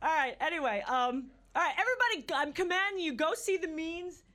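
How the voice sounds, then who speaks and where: A woman's voice: very high voice, animated, brisk, fairly bright tone. A woman hosting a radio show, chatting casually with a band, laughing often and restarting her sentences. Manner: giggly, chatty, many restarts. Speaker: radio host.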